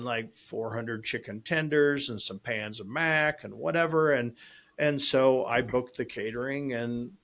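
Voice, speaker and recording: A man with a gravelly, slightly rough voice at a middle pitch, chatting on a podcast. He tells stories with energy and voices each person in them as he goes. It feels relaxed and conversational. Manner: animated storyteller, acts out both sides of conversations. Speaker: podcast host and restaurant owner. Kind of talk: casual storytelling chat.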